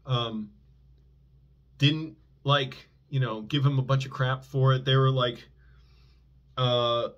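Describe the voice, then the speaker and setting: A man's voice: medium pitch, steady tone, slow pace, long pauses, a bit bright, dull audio. Man rambling through a personal story. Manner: rambling, self-correcting, many fillers. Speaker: vlogger.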